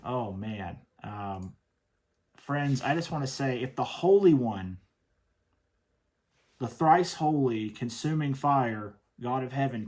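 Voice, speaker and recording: A man with a medium-pitched, darkish voice hosts an opinionated commentary show reviewing worship music. He speaks emphatically and sternly, repeating himself often.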